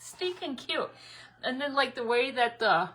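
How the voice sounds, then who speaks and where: Middle-aged woman, craft livestream host; bright and slightly high, with a husky edge, chatty and laughing. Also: animated, a little slow. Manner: chatty, greets viewers by name, laughs often. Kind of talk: casual live-stream chat. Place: craft room at home.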